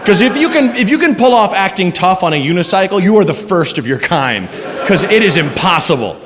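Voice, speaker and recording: A man's voice: sits high, a little fast. A man performing a stand-up comedy set on a club stage, talking into a handheld mic. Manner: animated, loud voices for quoted people. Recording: live club, hall reverb, crowd noise.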